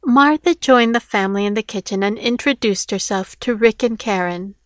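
A woman's voice: medium pitch, unhurried, hardly any pauses, no echo, clean studio sound. A woman reading a novel aloud as audiobook narrator, voicing each character lightly in her own voice. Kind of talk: scripted narration.

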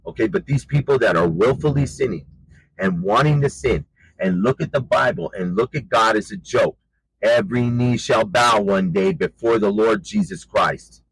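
A man's voice: medium pitch, lively intonation, moderate pace, creaky, husky, no echo, low-quality recording. A man preaching an informal sermon in an emphatic, conversational way, often saying "you know".

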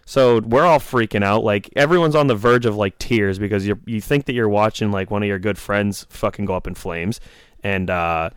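A man chatting casually, excitable and profane, with lots of fillers. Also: on the low side, normal speed, clean tone, dry recording. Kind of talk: casual storytelling podcast chat.

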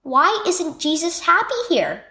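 A woman's voice: extremely high pitch, big pitch swings, measured pace, bright, forceful tone, voice pushed up, full character voice. A woman reading a children's devotional story aloud, voicing a young girl who misses her soldier father and asks earnest questions.

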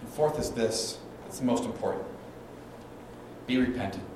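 A man's voice: mid-range voice, moderate pace. A middle-aged man preaches from the pulpit, drawing out stories and acting out voices. His voice rings through a roomy sanctuary and reaches the mic from a distance, with a faint hum of the room behind him. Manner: storytelling preacher, acts out quotes, dynamic swings in volume. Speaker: pastor. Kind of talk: sermon. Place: church sanctuary. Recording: echoey church hall, mic at a distance.

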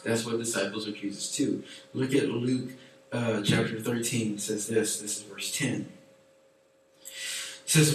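A man preaching to a youth group in a chatty, animated way with many fillers. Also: medium pitch, a little hiss or hum. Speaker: youth pastor. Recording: echoey room from far off.

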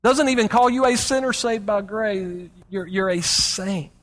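Pastor guy preaching hard, kinda high voice, lots of hall echo. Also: measured pace, fairly bright tone. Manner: emphatic preaching with repeated restarts. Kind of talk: sermon. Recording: long hall reverb.

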